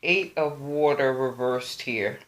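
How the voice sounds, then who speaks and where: A woman talks through an astrology and tarot reading. She takes her time with a very slow, unhurried pace and circles back over her points as she gives gentle advice. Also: rumbling low. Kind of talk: casual spoken reading.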